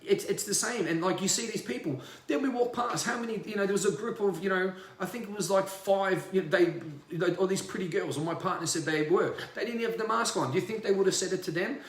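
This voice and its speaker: A man's voice: sits high, quick pace, hardly any pauses, echoey room. A man, a spiritual coach, ranting in a livestream monologue, emphatic and profane and repeating himself.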